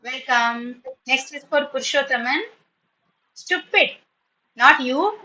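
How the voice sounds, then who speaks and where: Bright-voiced woman teacher. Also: high-pitched, slow pace, lo-fi sound. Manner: patient, encouraging, praising often; switches into Tamil when explaining. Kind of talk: online spoken English class.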